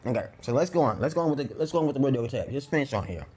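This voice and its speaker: Rapid-fire and lively in intonation, a Brooklyn man with a New York accent chews gum while giving dating talk at home in a blunt, profane, rambling monologue. His voice is mid-range and darkish, with a little hiss or hum in the recording.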